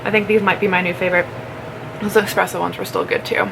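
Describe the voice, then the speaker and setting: A woman vlogger chats casually at home indoors, rambling and giggling as she snacks. Her voice is medium-pitched and level in tone, and she talks fast. Background noise is clearly audible in the recording.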